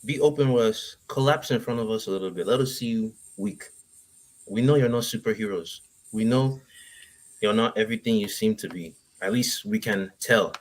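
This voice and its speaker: A young man speaks as a guest on a casual talk show, his voice sitting a little low. He gives his advice in a halting, rambling way, restarting his sentences as he thinks. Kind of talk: casual chat, giving advice.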